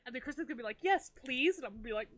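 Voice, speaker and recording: A young woman co-hosting a casual podcast chat, giggly and animated, acting out her own reactions as she tells stories. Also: a little high, racing. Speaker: podcast co-host.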